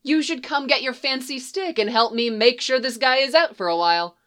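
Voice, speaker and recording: A woman voicing a brash, foul-mouthed, hard-drinking young woman in a raised, mocking voice. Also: moderate pace. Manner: loud, mocking, higher put-on voice.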